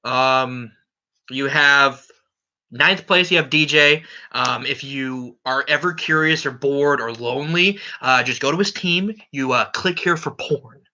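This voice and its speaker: Male league commissioner, profane and teasing, piercing bright tone, dull lo-fi home mic. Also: mid-range voice, unhurried. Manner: brash, profane, ribbing league members. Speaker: fantasy football league commissioner. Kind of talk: casual solo podcast recap.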